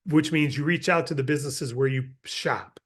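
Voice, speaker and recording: A middle-aged man giving a casual, energetic sales training and acting out sample pitches. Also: moderate pace, husky. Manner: energetic, acts out sales scripts.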